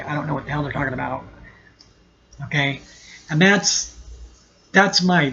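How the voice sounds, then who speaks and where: A man's voice: on the high side, fairly bright tone, slightly rough, highs cut off. A man ranting sarcastically in a video blog, exasperated and often restarting his sentences. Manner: exasperated, sarcastic, talks himself in circles. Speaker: vlogger. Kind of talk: ranting monologue to camera.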